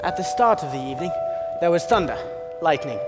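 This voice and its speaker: A man playing a theatrical butler who narrates in a school stage play, telling the story with dramatic, animated energy. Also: fairly high pitch, fairly quick, close to an everyday voice. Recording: long hall reverb with loud music.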